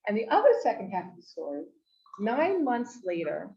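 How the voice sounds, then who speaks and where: Lively woman telling a story, lo-fi. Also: medium pitch, moderate pace. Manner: animated storytelling, rises to shouting for quoted outbursts. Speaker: teacher giving a weekly talk. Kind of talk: live Torah talk with storytelling. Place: women's study hall in a community center. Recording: dull lo-fi live recording.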